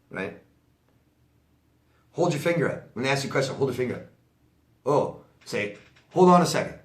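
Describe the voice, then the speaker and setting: A man coaching in a casual monologue, blunt and conversational, with a middle-pitched voice. He comes back to his points with little asides. The room around him adds a clear, roomy echo. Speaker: life coach.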